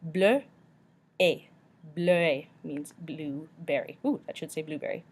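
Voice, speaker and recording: A woman teacher slowly walking through a pronunciation lesson, repeating each word carefully. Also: deep voice, steady tone, breathy edge.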